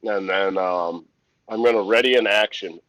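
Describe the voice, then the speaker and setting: Lowish male player, casual and profane, dead dry lo-fi sound. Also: normal speed, fairly bright tone, no room sound. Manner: casual and profane, thinking aloud. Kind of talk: casual tabletop play.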